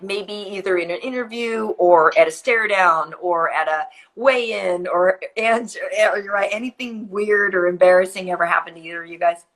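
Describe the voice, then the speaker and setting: A woman hosting a casual interview chat, upbeat and quick to affirm her guests. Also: medium pitch, a bit bright. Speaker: host.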